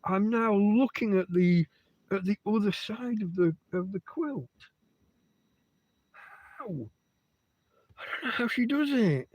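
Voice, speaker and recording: A man's voice: sits high, animated, takes it slowly, long pauses, no echo, dull audio. A man hosting a casual livestream from his bed at home, rambling and swearing freely as he chats. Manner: heavy swearing, rambling asides. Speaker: livestream host.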